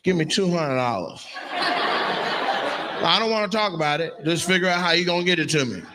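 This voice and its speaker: On a live stage mic at a comedy venue, a man works the crowd, teasing audience members with brash, profane banter. His voice is fairly high, expressive and brisk, and the live room sound is noisy.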